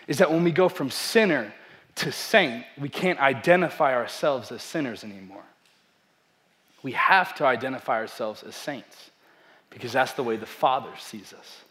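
A young man, a pastor, preaching a sermon with animated storytelling and self-deprecating humor. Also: medium pitch.

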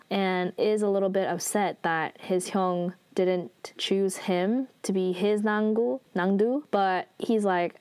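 A woman with a medium-pitched voice chatting her way through a drama recap. She retells the scenes loosely and fills her talk with "like" and "um." The sound is dry and close, with no room around it. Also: a little mellow, no room sound. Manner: chatty, many "like" fillers, retells dialogue. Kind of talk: casual episode recap.

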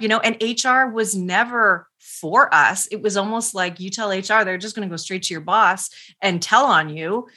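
A woman's voice: medium pitch, moderate pace, hardly any pauses, sharp tone. A middle-aged woman speaking as a parenting expert guest in an interview, earnest and passionate with emphatic repetition. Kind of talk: conversational interview.

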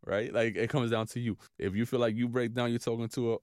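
A man from Brooklyn with a New York accent, talking as a podcast guest in casual conversation, animated and full of fillers and repeated phrases. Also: mid-range voice, fast, no room sound, clean studio sound.

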